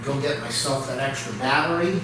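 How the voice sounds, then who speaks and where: A man's voice: mid-range voice, a little fast, far from the mic. A man in a casual home vlog, rambling and talking himself through small chores around the house. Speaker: video creator. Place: at home indoors. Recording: echoey room with noticeable background noise.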